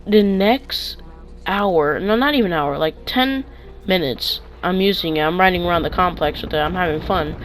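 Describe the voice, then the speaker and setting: A young man tells casual stories for his channel, wandering off track and restarting sentences. He gets loud and excited in the retellings. His voice comes through a clip-on mic. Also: high-pitched, normal speed, slight background noise, rough recording. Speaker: vlogger. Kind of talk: casual storytime.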